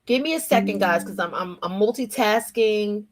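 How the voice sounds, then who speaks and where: A New Jersey woman with a local accent hosts a casual morning livestream at normal speed in a mid-range voice. She's chatty and slangy, laughs often, and reads her chat aloud.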